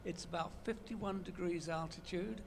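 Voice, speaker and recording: A man from Maryland asks from the audience in a precise, matter-of-fact way. His voice is gravelly and fairly high, with a faint hiss behind it. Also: normal speed. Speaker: audience member asking a question.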